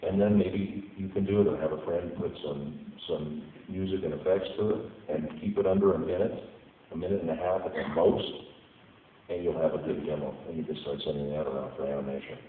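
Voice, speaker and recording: A man's voice: a bass voice, fairly even intonation, fairly quick, phone-quality sound, slight background noise. A man speaking as a voice actor on a panel, giving blunt, practical advice. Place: convention panel room. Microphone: audience member's cell phone. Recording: echoey hall on a phone from far off.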